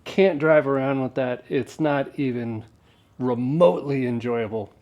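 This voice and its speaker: A man's voice: medium pitch, unhurried, a little mellow, highs cut off. A man talking casually and wryly to the camera while working on an old truck in a garage vlog. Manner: laid-back and wry, with offhand jokes.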